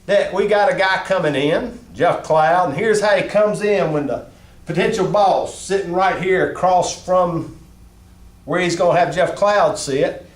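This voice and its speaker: A middle-aged man leads a job-skills class, animated and expressive, his fairly high voice swinging up and down. He sounds a little distant from the mic, in a large, echoey room. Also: unhurried. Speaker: reentry job-skills teacher.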